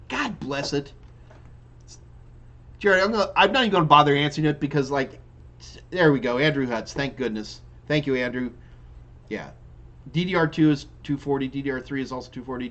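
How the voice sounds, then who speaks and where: Casting: male tech trainer hosting a live stream Q&A, chatty, with a slightly high voice, rambling and restarting. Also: fairly bright tone, lo-fi sound. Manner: loose and chatty, with frequent restarts and fillers. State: yawning repeatedly. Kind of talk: casual live-stream Q&A, reading viewer questions.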